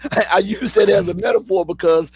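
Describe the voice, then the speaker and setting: A man hosting a live stream interview, asking long, halting questions. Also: sits high, slightly rough, dry recording. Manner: halting questions with many fillers and restarts. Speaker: host.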